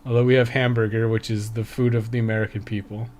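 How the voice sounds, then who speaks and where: A man's voice: on the low side, level tone, quick pace, a little mellow. A man streaming a video game live, reading the on-screen text aloud and swearing often.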